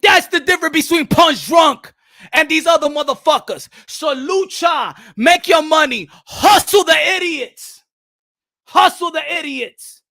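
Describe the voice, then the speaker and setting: A man hosting a boxing commentary channel in a loud, profane, shouting rant that switches between English and Spanish. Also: extremely high pitch, animated, a little slow, dry recording, studio quality. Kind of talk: ranting video commentary.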